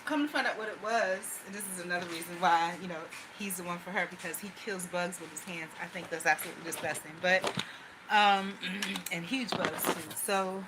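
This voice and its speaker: A woman's voice: lowish voice, a little fast, noisy background. A woman vlogger venting in a loose, rambling personal monologue, anxious and talking things through in run-on asides.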